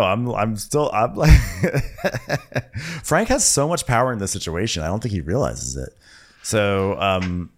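A man co-hosting a comedic recap chat with a dry, wry manner and frequent laughs. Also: low-pitched. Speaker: podcast co-host recapping a reality show.

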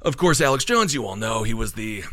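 A man's voice: fairly low pitch, animated, brisk, fairly bright tone, no room sound. A man hosting a casual podcast chat, talking in a sarcastic, cynical way. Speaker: podcast host.

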